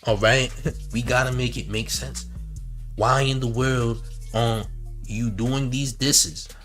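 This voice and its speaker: A man riffs on a livestream, bright-toned and animated. He mocks and reads out chat comments in a loose, casual style. Faint music sits underneath his talk. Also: medium pitch, takes it slowly. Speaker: commentary host.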